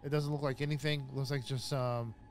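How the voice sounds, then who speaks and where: A man casually narrating his own gameplay, chatty and jumpy, easily startled and quick to laugh at himself. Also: mid-range voice, steady tone. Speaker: gaming YouTuber. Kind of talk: casual let's-play commentary.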